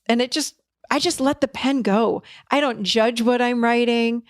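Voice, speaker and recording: A woman's voice: fairly high pitch, moderate pace, no room sound, studio quality. A middle-aged woman hosting a self-help talk, encouraging listeners in an emphatic way and repeating key words for stress. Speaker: podcast host and therapist.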